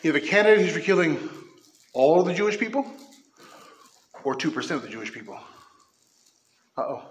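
A man's voice: a little high, big pitch swings, a little hiss or hum. Impassioned male pastor in an echoey church. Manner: impassioned, swinging from quick asides to slow emphatic declarations. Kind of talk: sermon.

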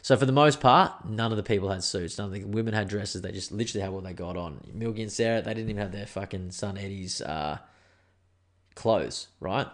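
A young Australian man in a casual podcast at home, spinning a yarn with animated, slangy energy and frequent swearing. His voice sits a little on the lower side. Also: brisk. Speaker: podcast host. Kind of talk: casual storytelling. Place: indoors at home.

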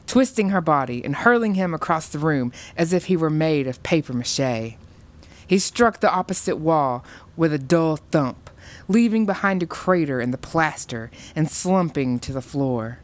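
A woman narrating a dark short story in a measured, scripted reading. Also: deep voice.

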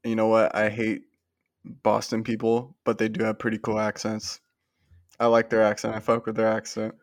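A man's voice: fairly low pitch, monotone, normal speed. A man in casual podcast banter, laid-back and swearing freely.

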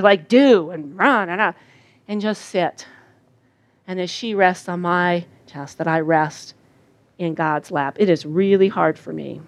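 An older woman giving a sermon at a camp, telling stories and acting out quoted voices in an animated way. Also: mid-range voice, dry recording. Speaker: speaker at a church camp. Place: outdoor camp gathering.

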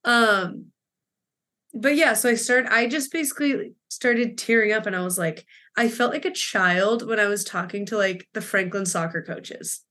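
A woman in her 20s co-hosting a podcast tells a story in casual chat with a mid-range voice, a moderate pace and a bright, forceful tone. Her rambling retelling is heavy with fillers and quoted dialogue, and she sounds emotional, close to tears.

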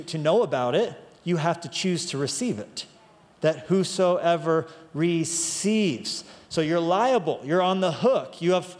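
A man's voice: on the high side, big-room sound. A man preaching a sermon as pastor, emphatic, stretching out key phrases for weight.

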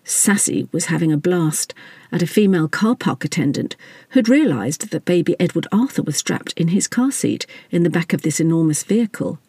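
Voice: mid-range voice, lively intonation, moderate pace, a little mellow, husky, no room sound. A narrator reading a satirical story in a wry, scripted style.

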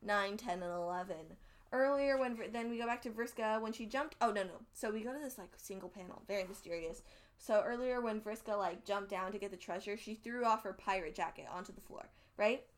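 A woman's voice: medium pitch, a little fast. A young woman casually recapping a webcomic, rambling and swearing freely as she acts out what the characters said. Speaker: podcast co-host recapping a webcomic.

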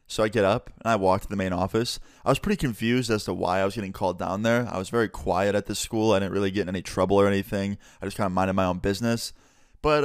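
A young man chats through a storytime in a relaxed, conversational way, acting out each side of the dialogue. His voice sits on the low side and comes across smooth and clear, recorded close and dry with no room sound. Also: dry recording. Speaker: YouTuber. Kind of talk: storytime narration.

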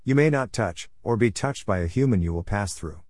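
Guy reading a story doing a stuffy lecturing angel of death, pompous and proper, fairly low voice, dry close sound. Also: expressive, brisk, a little mellow, no room sound, close to an everyday voice. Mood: stern. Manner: stiff, correct, lecturing.

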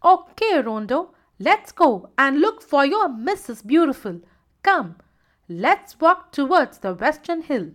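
A woman's voice: high-pitched, very animated, slow, fairly bright tone, voice pushed up, full character voice. A woman voicing a mischievous male bird who teases his friend in a playful way. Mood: teasing. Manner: teasing, playful.

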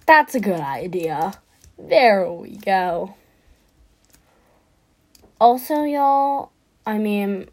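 Brief: woman podcaster, gameplay commentary, animated mid-pitch voice, excitable, slips into whispers. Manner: chatty, excitable, drops into whispers. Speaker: gaming podcaster.

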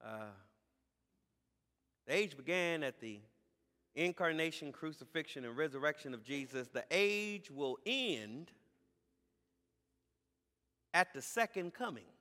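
A man preaching a sermon as a pastor, building from calm teaching to shouted, drawn-out emphasis on key words. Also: a little high. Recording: live sermon in a reverberant hall.

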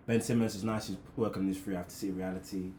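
A man talks quickly and loosely, stacking thoughts with "um" as he goes. His voice sits in the middle range. The room around him sounds echoey, with a faint hiss of noise. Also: low voice, fairly even intonation, mellow. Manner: quick, rambling, thinks aloud with fillers. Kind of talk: casual sports chat.

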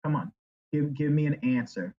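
A guest author talks in a loose, rambling way, getting animated and breaking into silly impressions. His voice is husky, and the audio sounds dull and muffled. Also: fairly high pitch, moderate pace. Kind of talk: casual chat.

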